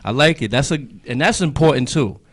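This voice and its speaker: A man hosting a radio show, chatting casually and giving shout-outs to his guests and listeners. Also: mid-range voice, expressive, fairly quick. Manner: laid-back, hypes up guests with shout-outs. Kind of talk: casual interview chat and sign-off.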